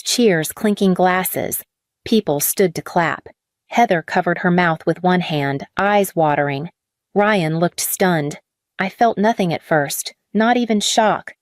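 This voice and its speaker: Low-voiced woman narrating a story. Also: no room sound, studio quality. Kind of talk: scripted first-person story narration.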